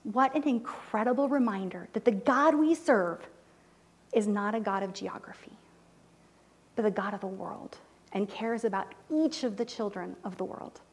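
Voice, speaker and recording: A woman telling a mission story in a sermon, animated and emotional, dropping to near-whispers when moved. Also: medium pitch, normal speed. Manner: animated storytelling, voices quoted people, drops to soft near-whispers; emotional, close to tears. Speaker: church speaker reporting on mission trip. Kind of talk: sermon testimony.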